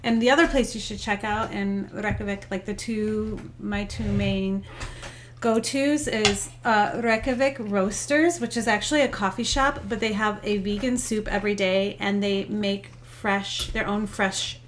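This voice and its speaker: A woman in her forties, a yoga teacher, chatting casually over lunch in a relaxed, thoughtful way. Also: mid-range voice, unhurried, slight background noise. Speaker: guest, yoga instructor. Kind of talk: casual chat while eating. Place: indoors, eating lunch.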